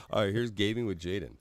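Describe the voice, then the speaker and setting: A man's voice: lowish voice, dry recording, clean studio sound. A man hosting a casual podcast, talking in a rambling way with frequent fillers and laughter. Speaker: podcast host. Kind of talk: casual chat.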